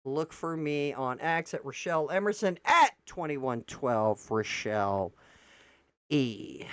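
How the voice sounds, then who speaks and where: A woman's voice: low voice, very animated, slow. A woman, doing casual political commentary and reacting to posts on screen in a blunt, profane way.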